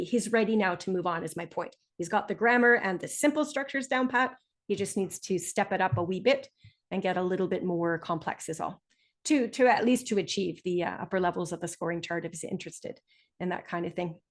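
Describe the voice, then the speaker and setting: A woman's voice: lowish voice, a little fast. Woman explaining a test prep lesson. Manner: clear, explanatory, friendly. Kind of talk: instructional webinar.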